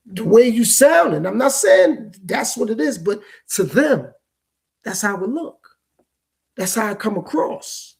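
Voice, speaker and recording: A man holds forth on his own podcast in a loose, circling, reflective monologue. His voice sits high for a man, with a gravelly, fried edge and a husky, breathy texture. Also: animated, moderate pace, darkish tone. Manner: loose, repetitive, reflective street-talk delivery. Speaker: podcast host. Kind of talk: casual solo podcast monologue.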